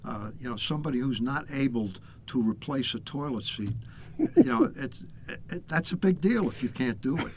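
A man's voice: medium pitch, animated, moderate pace, a little mellow, a little hiss or hum. An older man hosting a talk show, chatting casually and repeating words as he thinks. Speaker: host.

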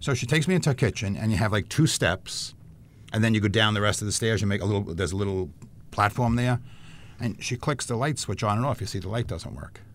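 A man's voice: fairly low pitch, expressive, fast, a little hiss or hum. A man co-hosting a talk show, telling stories in a chatty, self-deprecating way. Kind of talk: casual talk show storytelling.

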